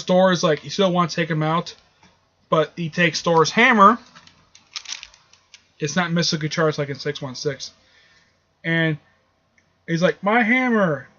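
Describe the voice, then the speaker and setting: A man's voice: on the high side, pushed and bright. A man reviewing a comic book issue in a casual, rambling way, with frequent fillers and restarts, recorded with dull lo-fi sound. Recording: dull lo-fi audio.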